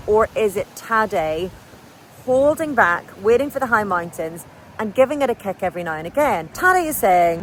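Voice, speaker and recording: A talkative Irish woman in her forties speaks her thoughts aloud on an outdoor bike ride, asking her viewers plenty of questions as she goes. Her pitch sits in a middle range for a woman. Faint traffic noise hums in the background. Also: fairly bright tone. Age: 40s. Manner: chatty, candid, asks viewers lots of questions. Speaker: cycling broadcaster. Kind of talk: casual vlog while riding.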